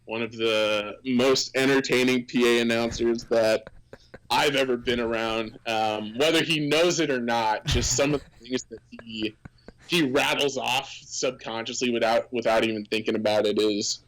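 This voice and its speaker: Man, mid-pitched voice, casual podcast guest, rambling anecdotes, lots of fillers. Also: moderate pace, poor audio. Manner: animated anecdotes with many fillers and restarts. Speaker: former team employee, guest.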